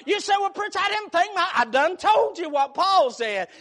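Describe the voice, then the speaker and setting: A man preaching a sermon, moving between quiet, hushed storytelling and loud, shouted passages. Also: very high voice, sing-song, normal speed, few pauses.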